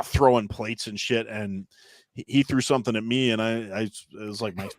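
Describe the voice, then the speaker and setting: A man's voice: lowish voice, fairly even intonation, normal speed, dry recording, studio quality. A man from Illinois, a chef guest on a podcast, telling stories in casual chat and acting out quoted lines. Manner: storytelling, acts out loud quotes.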